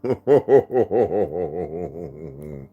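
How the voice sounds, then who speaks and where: A man's voice: sits low, expressive, extremely slow, narrow, tinny audio, faint music behind. A man hosting a casual livestream, rambling and profane, laughing often as he talks. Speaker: livestream host.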